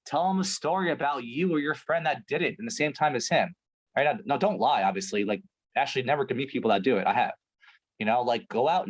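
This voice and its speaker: Energetic man coaching a sales team. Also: mid-range voice, poor audio. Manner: energetic, emphatic, lots of "right?" and "like". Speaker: sales trainer. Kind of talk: coaching a group on a call.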